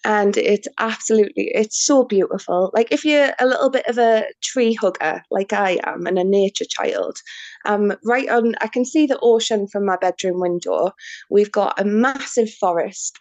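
Young woman guest, bubbly and effusive, mid-pitched voice, dry sound. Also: normal speed, darkish tone, no echo, lo-fi sound. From Northeast England. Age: young adult. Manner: bubbly, effusive, says "like" often. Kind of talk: casual interview.

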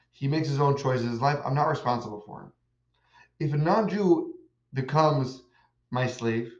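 A man teaching a religious lesson, telling stories and asking emphatic rhetorical questions, in an echoey, dull recording. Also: mid-range voice. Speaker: Torah teacher. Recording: echoey room, dull lo-fi sound.

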